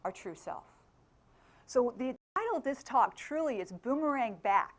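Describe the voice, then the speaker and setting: A middle-aged woman gives a motivational talk, with a fairly high voice. She keeps the room involved, throwing questions at the audience and laughing easily. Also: expressive, normal speed. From England. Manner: engaging, asks the audience questions, laughs often. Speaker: motivational speaker.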